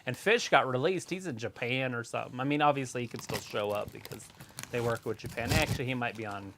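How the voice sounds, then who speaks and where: A man's voice: medium pitch, fast, fairly bright tone, slight background noise. Male co-host, casual stream banter, offhand and opinionated, teasing tone. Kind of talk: casual watch-along chat.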